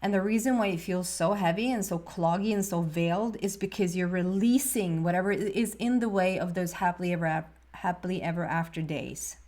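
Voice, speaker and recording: A woman giving a monthly tarot reading in a soft, meandering way, often trailing off and restarting her sentences. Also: lowish voice, brisk, few pauses. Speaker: tarot reader.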